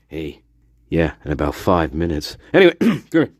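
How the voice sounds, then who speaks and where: A man's voice: extremely low pitch, huge pitch swings, moderate pace, breathy edge, no room sound, dull audio. A man hosting a casual live stream from his room, rambling, swearing and laughing often as he talks to viewers. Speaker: channel host.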